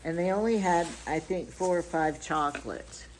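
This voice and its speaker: A woman's voice: fairly low pitch, moderate pace, a little hiss or hum, low-quality recording. An older grandmother chatting casually through a shopping haul, rambling from item to item with stories and asides. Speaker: vlogger.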